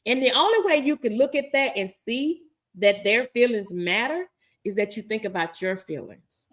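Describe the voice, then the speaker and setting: Animated woman co-host reading chat. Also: a little high, normal speed. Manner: laughs often, reads viewer comments aloud, repeats phrases. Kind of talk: casual chat.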